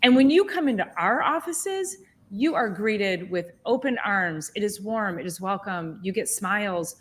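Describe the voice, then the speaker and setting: Woman chiropractor host, casual podcast chat, lively storyteller, mid-range voice. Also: medium pitch, unhurried. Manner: animated, indignant storytelling with many restarts.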